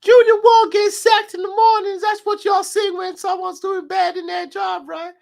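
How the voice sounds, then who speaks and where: A greedy club owner, high drawl, brash, mocking. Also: male voice, flat delivery, normal speed, vocal fry, a little mellow. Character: impression of a rich American club owner, greedy.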